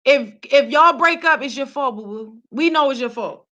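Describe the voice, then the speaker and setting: A woman's voice: high voice, moderate pace, hardly any pauses, pushed and bright. A woman from Philadelphia hosting a celebrity gossip vlog, ranting heatedly and cursing as she talks straight to the camera. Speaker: vlog host.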